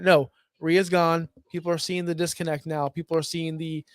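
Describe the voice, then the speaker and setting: A man co-hosting a wrestling podcast, opinionated and animated, acting out quotes as he recaps. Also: fairly high pitch, a little fast, few pauses, clean tone, dry recording, studio quality. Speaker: podcast co-host. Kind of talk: casual wrestling podcast chat.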